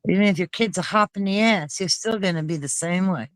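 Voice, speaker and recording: A woman's voice: on the low side, a little fast, no echo. A woman in casual panel chat. She speaks with heartfelt emphasis, and her voice sounds dry and close with no room around it. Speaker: panel co-host.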